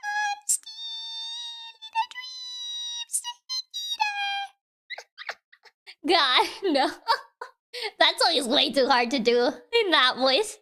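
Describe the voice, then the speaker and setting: Giggly high-pitched woman streamer. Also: sharp tone. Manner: giggly, self-deprecating, rambling with fillers. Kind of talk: casual chat between karaoke songs.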